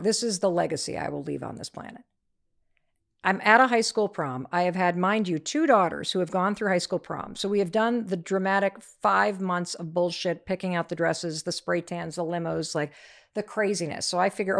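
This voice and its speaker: A middle-aged woman, an author, telling a story as an interview guest, lively and acting out the voices of the people in it. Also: medium pitch, gravelly. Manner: energetic, acts out quoted voices.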